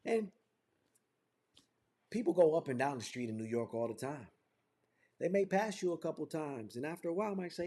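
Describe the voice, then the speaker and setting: A man's voice: on the high side, lively intonation, normal speed, long pauses, warm tone. A man leading a motivational sales training over a video call, talking in fervent, repetitive build-ups like a preacher. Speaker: business trainer.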